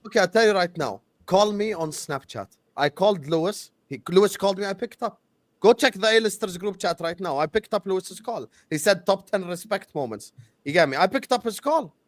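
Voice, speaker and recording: A playful male host who keeps his football panel in line with mock scolding and bits of Arabic slang. His voice runs high, recorded close and dry. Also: animated, fairly quick, no room sound.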